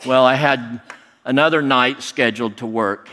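A middle-aged man telling a personal story in a lively, animated way, acting out other people's lines. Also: medium pitch, normal speed. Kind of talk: personal story told to an audience. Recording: long hall reverb.

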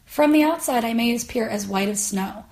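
Ranting woman podcast host, slightly high. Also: moderate pace, gravelly, a little mellow. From United States. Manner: ranting, sarcastic, exasperated. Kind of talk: comedic podcast monologue. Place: Los Angeles.

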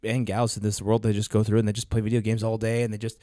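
Earnest podcast guy, kinda mellow, starts and restarts a lot, dead dry sound. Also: on the low side, flat delivery, dry recording. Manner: earnest, halting with fillers and restarts. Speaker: podcast co-host. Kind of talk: casual chat.

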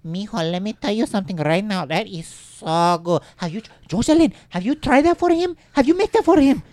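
A man putting on the voice of a doting older mother, high and coaxing. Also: expressive, a little fast, a little mellow, dry recording. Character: doting older Mexican mother, mayo-loving.

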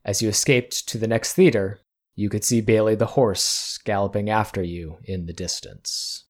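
A man narrating a tabletop role-playing game as game master, in measured storytelling. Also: fairly low pitch, fairly even intonation.

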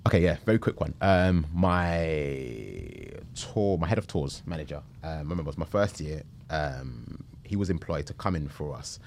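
A man, telling a story in a casual interview, animated and slangy. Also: very deep voice, moderate pace, creaky, a little hiss or hum. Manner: animated, slangy, acts out quotes. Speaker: travel group founder.

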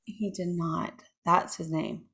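A woman's voice: fairly low pitch, fairly even intonation, slow pace, a bit bright. Chatty woman telling a true crime story. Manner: chatty, lots of ums and asides, reads from notes. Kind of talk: casual chat.

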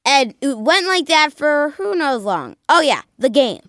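A woman co-hosting a casual sports chat, animated and dramatic as she talks through the week's games. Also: high-pitched, a little slow, no echo, clean studio sound. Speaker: sports podcast co-host.

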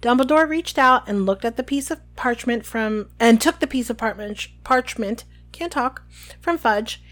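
An animated woman co-hosting a casual book podcast, reading passages aloud. Her voice is fairly high and very lively in pitch, and she shrugs off her slips with humor. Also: normal speed. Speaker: podcast co-host.

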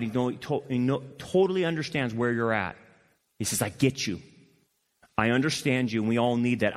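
A man preaching a sermon as pastor, emphatic, moving between loud passionate peaks and quiet intimate asides. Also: medium pitch. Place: church sanctuary. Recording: long hall reverb.

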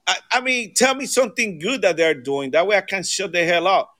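A man's voice: sits high, brisk, sharp tone. A man co-hosting a casual political talk show, ranting angrily and swearing often. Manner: profane, angry ranting. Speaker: podcast co-host.

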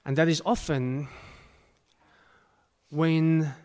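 An earnest male pastor, his voice somewhat high for a man, delivers a sermon very slowly, with sudden emphatic bursts. His intonation is fairly even and his tone a little mellow, clear and resonant, trailed by long reverb like a large church hall.

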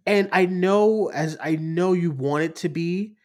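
Man, podcast host, animated, slightly high voice. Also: unhurried. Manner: animated, laughing, riffing. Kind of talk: casual chat.

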